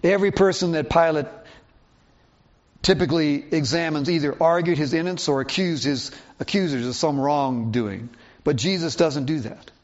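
Lo-fi pastor preaching through scripture. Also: male voice, on the high side. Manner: expository Bible teaching, reads scripture aloud. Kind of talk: sermon. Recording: dull lo-fi sound.

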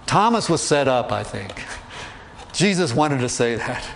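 A man's voice: mid-range voice, very animated, a little slow, vocal fry, a little hiss or hum. A man preaching in a conversational sermon style, asking his listeners questions and joking lightly. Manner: chatty, asks the listeners questions, light humor.

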